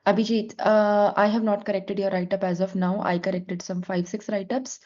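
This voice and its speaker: A woman's voice: medium pitch, level tone, normal speed, a little mellow. Patient woman teaching a French class online. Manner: patient, explains step by step, slips between English and French. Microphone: video call. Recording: slightly dull lo-fi call audio.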